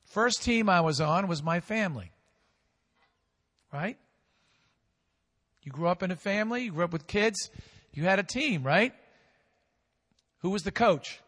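A man's voice: sits high, expressive, a little slow, pauses often, a bit bright, big-room sound. A man preaching a sermon, who rephrases and repeats his points and asks the listeners questions.

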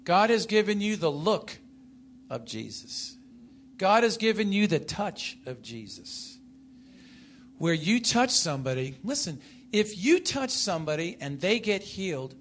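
A man preaching a sermon, emphatic, swinging his voice up and down and putting questions to the congregation. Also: a little hiss or hum. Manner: emphatic, rises and falls in pitch and loudness, asks the congregation questions.

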